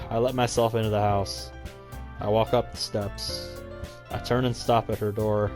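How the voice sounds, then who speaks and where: A man's voice: fairly low pitch, little pitch movement, normal speed, over music. Man reading a visual novel with wry asides. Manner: reacts in exasperated asides. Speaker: let's play host.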